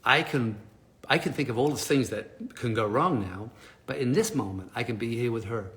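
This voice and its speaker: A man telling a story on a live stream as a motivational speaker, animated, often laughing and swearing casually. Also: mid-range voice, normal speed.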